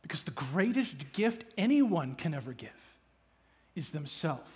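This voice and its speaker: A man preaching a sermon as pastor, shifting from loud emphatic bursts to hushed asides. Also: fairly high pitch, very animated, unhurried. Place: church.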